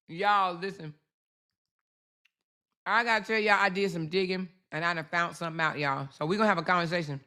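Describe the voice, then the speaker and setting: Brash, bright-voiced woman livestreamer. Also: lowish voice, steady tone, brisk, pauses often. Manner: brash, profane, calls viewers y'all and honey. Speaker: livestream host. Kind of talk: casual livestream commentary.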